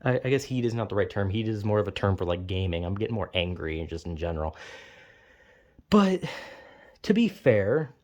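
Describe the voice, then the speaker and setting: A man venting angrily in a monologue, cursing often and calling himself melodramatic, swinging between heated outbursts and low, weary muttering. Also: sing-song, normal speed, a little mellow. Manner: angry, profane and self-described melodramatic. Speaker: vlogger.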